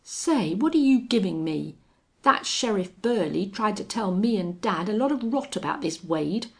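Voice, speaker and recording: A woman's voice: mid-range voice, expressive, normal speed, creaky. A woman voicing a spoiled, contemptuous young rich rancher's son in an audiobook reading, harsh and sneering.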